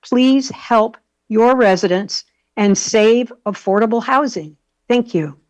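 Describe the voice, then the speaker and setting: A woman's voice: a little high, slow, darkish tone, no echo. A woman giving public comment at a county board meeting, earnestly reading a prepared statement and pleading for action. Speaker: public commenter, homeowners league volunteer.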